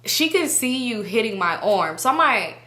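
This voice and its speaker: A woman's voice: on the high side, very animated, moderate pace, bright, forceful tone. A woman hosting a storytime video, telling a story in a casual, slangy and profane way and acting out what people said. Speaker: storytime channel host. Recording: roomy echo.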